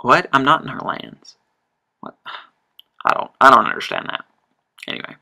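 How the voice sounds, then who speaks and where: A chatty man talks through his strategy game in loose, meandering commentary. His gravelly voice swings widely in pitch and carries a bright, sharp edge. He trips over himself with fillers, then bursts into excited exclamations. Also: moderate pace, pauses often. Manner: rambling, chatty, frequent fillers and self-corrections. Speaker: let's-play host. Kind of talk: casual gameplay commentary.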